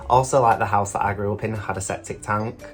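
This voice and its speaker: A man's voice: on the low side, fairly even intonation, quick pace, faint music behind. A young British man, a drag queen vlogger, telling stories casually, swearing freely and filling with lots of "like". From United Kingdom. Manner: chatty, swears freely, many fillers. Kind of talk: casual storytelling.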